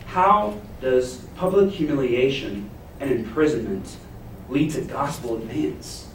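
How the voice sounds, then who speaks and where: A man preaching a sermon, retelling a Bible story and acting out its characters' panic with lively emphasis. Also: mid-range voice, unhurried, a little hiss or hum. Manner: expressive, acts out the jailer's panic in a paraphrase. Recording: echoey room, heard from a distance.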